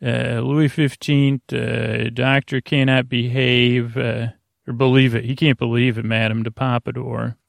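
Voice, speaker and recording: A man's voice: mid-range voice, level tone, creaky, no echo, clean studio sound. A man recapping an episode in a casual, rambling way, full of fillers and restarts. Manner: halting, lots of "uh" fillers and restarts; quotes characters in a plain voice. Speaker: podcast host recapping an episode.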